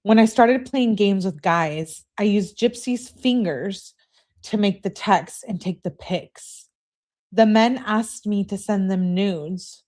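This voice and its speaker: A woman's voice: mid-range voice, slow, darkish tone, lightly acted. A woman reading out the lines of a submissive young woman who pleads and apologizes. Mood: confessing.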